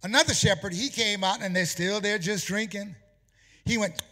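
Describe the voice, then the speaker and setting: A male pastor preaching a sermon in a church, emphatic and animated, sometimes half-singing his phrases. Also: high-pitched, moderate pace, big-room sound. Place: church sanctuary.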